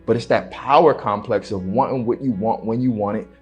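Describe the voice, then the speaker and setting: A young man, an interview guest, telling a personal story slowly and haltingly in casual slang. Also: on the low side, a little mellow, highs cut off, faint music behind.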